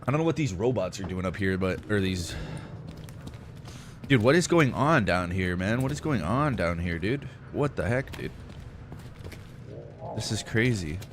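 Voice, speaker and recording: A man's voice: on the low side, lively intonation, measured pace, long pauses, background noise. A young man casually chatting while he streams a game, rambling and laid-back, full of "like" and "dude". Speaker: gaming streamer. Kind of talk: casual chat while playing.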